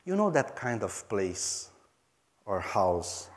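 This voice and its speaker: A pastor from Brazil, speaking in Portuguese-accented English, tells a story earnestly during a sermon, his phrasing halting and non-native. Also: on the low side, big pitch swings.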